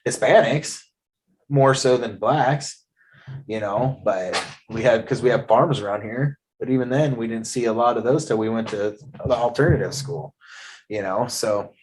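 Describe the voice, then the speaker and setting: Man in his thirties, middle pitch, blunt storyteller who swears freely, casual interview host. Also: moderate pace. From Eastern Oregon. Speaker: podcast host.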